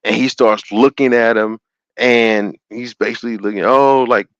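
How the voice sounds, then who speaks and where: A man hosting a call-in show, retelling a story in an animated, sermon-like way and acting out the quotes. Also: lowish voice, moderate pace, no echo, dull audio.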